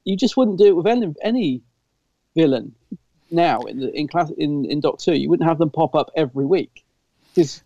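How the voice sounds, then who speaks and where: A man with a gravelly, fairly high voice that has a mellow, dark tone. He chats as a podcast co-host, enthusiastic and rambling, full of restarts. The sound is dry and a little dull. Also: animated, moderate pace, no echo. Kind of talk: casual fan chat.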